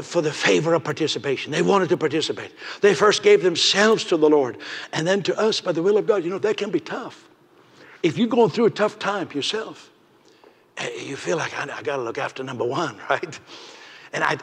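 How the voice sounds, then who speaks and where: A pastor preaching a sermon, lively and acting out the people in his stories. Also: fairly high pitch, gravelly, slightly rough, big-room sound.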